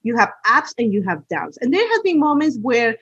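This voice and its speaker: Woman guest, husky, muffled. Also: fairly high pitch, big pitch swings, normal speed, fairly bright tone, no echo. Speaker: podcast guest. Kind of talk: casual chat.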